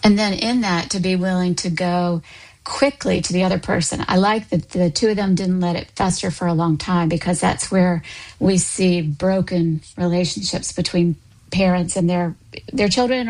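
A woman with a slightly low voice answers as a counselor and coach. She explains things thoughtfully and at an even pace. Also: normal speed, rough recording. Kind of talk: interview answer.

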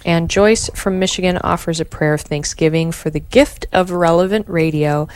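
Low-voiced woman co-hosting radio prayers. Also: normal speed, a little mellow, clean tone. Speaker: radio co-host. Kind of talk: praying and reading listener intentions.

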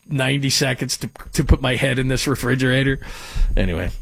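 A man's voice: medium pitch, quick pace, gravelly, fairly bright tone, dry recording. A man hosting a sports talk radio show, talking casually and rambling through listener texts and stories. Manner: rambling, conversational, self-deprecating.

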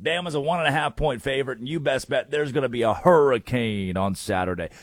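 A man hosting a sports talk show, energetic and opinionated in casual chat. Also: mid-range voice, a little fast, no room sound. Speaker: sports radio host.

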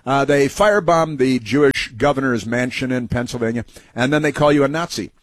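A man's voice: mid-range voice, brisk, no echo. A man hosting a talk show, giving mocking, sarcastic political commentary over played clips. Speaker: radio talk show host.

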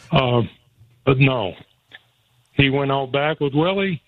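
A man's voice: mid-range voice, expressive, extremely slow, long pauses, no room sound. A man as a guest telling a folksy personal story, chuckling often as he goes. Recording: tinny phone line, dry.

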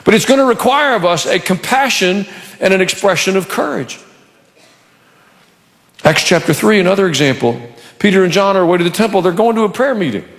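Gravelly-voiced pastor preaching in a hall. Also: male voice, high voice, a little fast. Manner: animated, conversational preaching with humor. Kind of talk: sermon. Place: church.

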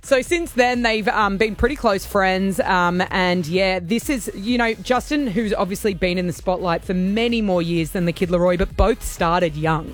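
A woman's voice: medium pitch, moderate pace, hardly any pauses, soft background music. Chatty woman reading showbiz news. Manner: chatty, storytelling with filler "um". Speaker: celebrity news presenter. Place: radio studio.

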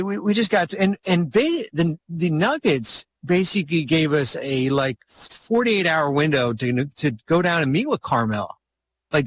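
A man's voice: a little high, a bit bright. A middle-aged man telling a long story in a casual podcast chat, rambling with many restarts and fillers. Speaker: guest storyteller, former basketball executive.

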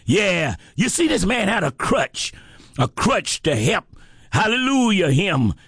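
A man preaches a sermon in a high, swooping voice that climbs into shouts and drops low again. He takes his time, drawing out lines and repeating them for weight. The sound is dry and close. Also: sing-song, slow, breathy edge, no echo. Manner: impassioned, rising to shouts, repeating phrases.

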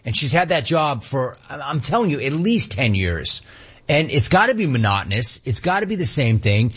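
A middle-aged man hosting a sports talk radio show, ranting in an animated, sarcastic way. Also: mid-range voice, normal speed, slightly rough, muffled recording.

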